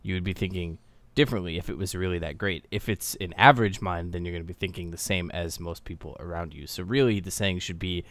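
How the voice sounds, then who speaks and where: A man with a very deep voice talks in a deadpan, reasoning way, picking apart everyday sayings. The sound is dry and close, with no room tone. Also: fast talker, dry recording. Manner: deadpan, over-reasons small things. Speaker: podcast co-host. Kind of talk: casual chat.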